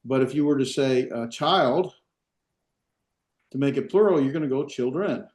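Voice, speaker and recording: A man teaching a classroom lesson, halting with fillers and restarts, with dry asides. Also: medium pitch, darkish tone. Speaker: Hebrew teacher. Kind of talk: classroom lecture. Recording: echoey classroom.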